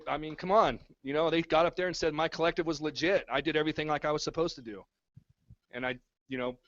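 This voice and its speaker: A man's voice: a little high, fairly bright tone, highs cut off. A man giving an impassioned speech at a community town hall, repeating his points to rally the room. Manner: fervent, repetitive rallying speech. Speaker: activist speaking at a town hall.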